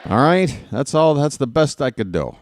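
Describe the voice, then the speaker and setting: A man's voice: mid-range voice, very animated, normal speed, crowd noise, background noise. A man hosting a casual live baseball stream, rambling and joking with his chat. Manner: rambling, self-mocking, jokey asides.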